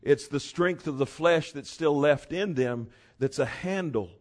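A man preaching a sermon, telling stories and building to loud, emphatic peaks. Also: fairly high pitch, unhurried.

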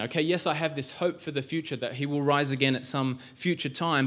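A man's voice: on the high side, a little fast, few pauses, fairly bright tone. A male pastor giving a sermon in a church, conversational, with rhetorical questions and frequent restarts.

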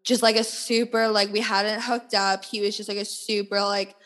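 A young woman in her twenties hosts her podcast, worn out and rambling through a personal story. She fills her sentences with fillers and swears casually, speaking at an ordinary pitch for a woman. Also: flat delivery, normal speed, a bit bright, in a large hall. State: exhausted. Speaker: podcast host.

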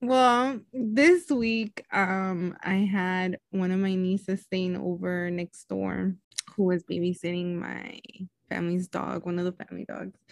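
A woman's voice: medium pitch, no room sound. A woman co-hosting a podcast, telling a story in a chatty, casual way and laughing often. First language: Spanish. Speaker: podcast co-host. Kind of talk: casual chat.

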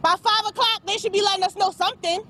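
Angry high-voiced woman demanding justice. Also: fairly even intonation, fast, a bit bright, a little hiss or hum. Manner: angry, insistent, repeats demands. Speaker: protester speaking to press. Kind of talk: impassioned public statement.

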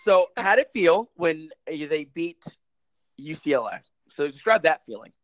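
A man's voice: on the high side, animated, normal speed, dry recording. Rambling young man in casual chat. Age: 20s. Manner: rambling, self-deprecating, laughs often. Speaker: podcast co-host. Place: Minnesota.

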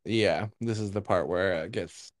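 A man's voice: deep voice, unhurried, dry recording, studio quality. A man co-hosting a podcast in casual chat, supportive and chiming in with short replies. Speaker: podcast co-host.

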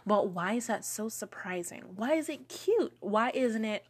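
A woman's voice: mid-range voice, lively intonation, a little slow, hardly any pauses, breathy edge. Young woman, light Geechee lilt, chatty storyteller, loose fillers, repeats herself for effect. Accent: light Gullah Geechee, Lowcountry South Carolina. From Charleston, South Carolina. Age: young adult. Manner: chatty, many fillers, repeats lines for emphasis. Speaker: business owner telling her story. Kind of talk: casual personal storytelling.

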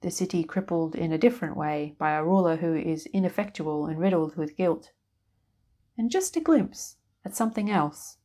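A woman narrating a fantasy tale in a steady, measured reading. Her voice sits slightly low and stays calm from line to line. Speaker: storyteller. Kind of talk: scripted fiction narration.

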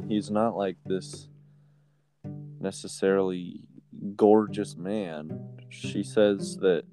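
A man chatting casually about voice acting, using many fillers, and also reading a novel aloud. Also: sits low. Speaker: amateur voice actor.

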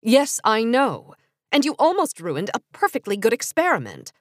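A woman voicing a mysterious, stern telepathic woman in an audiobook story, speaking slowly and commandingly. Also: a little high, huge pitch swings, no echo, studio quality. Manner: slow, commanding.

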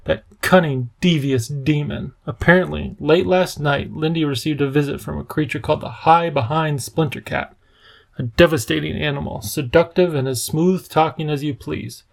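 Man reading a worried storybook professor; measured, gravelly, slightly high. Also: steady tone. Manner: measured, grave, sometimes bitter. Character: worried, earnest older male professor.

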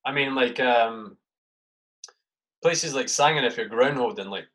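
A man's voice: medium pitch, a little slow, fairly bright tone. Sweary man telling army stories. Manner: swears constantly, storytelling, keeps saying mate. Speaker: soldier telling war stories. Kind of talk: casual podcast chat.

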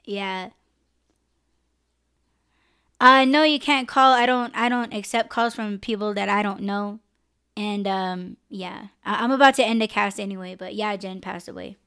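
A woman's voice: medium pitch, a little slow, bright, forceful tone, clean tone. A woman hosting a live-stream podcast, talking candidly and emotionally and swearing freely. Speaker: podcast host.

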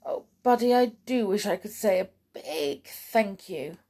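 A woman voicing an excited young boy who calls out joyfully. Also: mid-range voice, a little slow. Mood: grateful. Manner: joyful, calling out. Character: excited young boy reunited with his dog.

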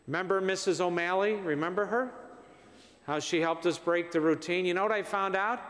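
A man's voice: sits high, a little fast, fairly bright tone. A priest giving a conversational homily in a church; he asks the congregation questions, repeats himself for emphasis and sounds tired. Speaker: visiting priest. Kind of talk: parish mission homily. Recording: long church reverb.

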